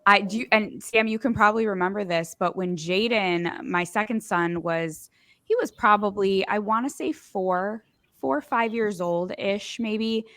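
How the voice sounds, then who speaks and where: Casting: woman, 40s, chatty and laughing, dry close podcast sound, mid pitch. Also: a little slow, fairly bright tone, no room sound. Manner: chatty, laughs often while telling stories. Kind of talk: casual chat.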